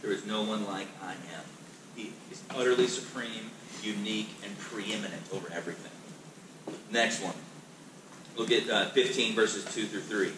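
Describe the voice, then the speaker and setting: A man's voice: lowish voice, moderate pace. Male pastor teaching in an echoey room. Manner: conversational, emphatic, repeats words as he restarts. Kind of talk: Bible class teaching. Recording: echoey room, distant mic, noisy.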